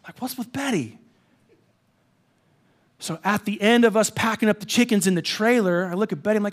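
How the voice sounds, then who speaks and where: A man preaching a sermon, with a high, lively voice. He tells a story in a casual, self-deprecating way, then turns to earnest exhortation. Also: normal speed, long pauses. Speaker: pastor.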